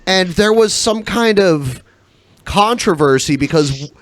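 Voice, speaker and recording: A man's voice: sits high, expressive, slow, dry recording. A man co-hosting a podcast, chatting in a laid-back, matter-of-fact way. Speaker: podcast co-host. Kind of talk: casual banter.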